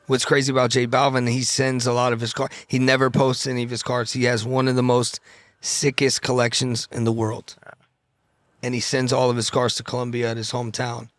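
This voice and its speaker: A man's voice: medium pitch, monotone, brisk. A man with a mid-range voice tells stories as a podcast guest in a casual, loose way. He swears freely and acts out the conversations he describes. The sound is dry and close, with no room echo. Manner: loose, profane, re-enacts conversations. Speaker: podcast guest, luxury car dealer. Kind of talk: casual storytelling chat.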